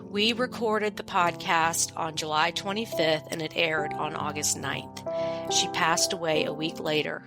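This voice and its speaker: A woman hosts a podcast, choked up and halting as she shares sad news. Her voice sits low with a gravelly edge. Music plays clearly underneath her. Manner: emotional, halting delivery. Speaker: podcast host. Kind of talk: somber podcast announcement.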